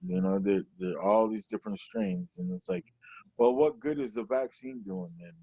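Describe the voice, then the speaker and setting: Man, comedian guest, rambling storyteller, mellow dark voice, dull lo-fi dry sound. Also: fairly low pitch, very animated, moderate pace, gravelly, no echo. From Portland, Oregon. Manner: rambling, leans on "you know". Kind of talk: conversational storytelling.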